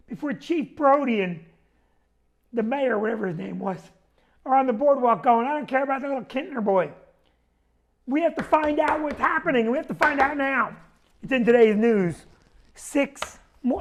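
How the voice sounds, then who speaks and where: A man hosting a comedy talk show, ranting with animated indignation and quick asides. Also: very high voice. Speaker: comedian host.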